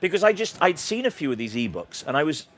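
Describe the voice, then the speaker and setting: A man's voice: on the high side, very animated, fast talker, a bit bright. A middle-aged Welsh man with a slight sore throat, chatting playfully as an interview guest and mocking himself. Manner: playful, self-mocking, laughs often. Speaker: author and comedian guest. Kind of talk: casual interview chat.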